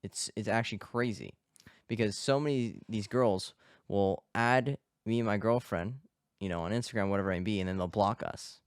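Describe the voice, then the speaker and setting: A man's voice: lowish voice, normal speed, clean tone, no room sound, clean studio sound. A man hosting a podcast as a dating coach, talking bluntly and emphatically with a lot of swearing. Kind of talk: casual podcast monologue. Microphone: close podcast mic.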